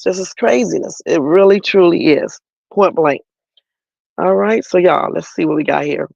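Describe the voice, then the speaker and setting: A man's voice: on the high side, normal speed, creaky, darkish tone, dry recording, highs cut off. A man hosting a livestream, giving chatty, opinionated commentary on the news and talking straight to his viewers. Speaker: livestream host.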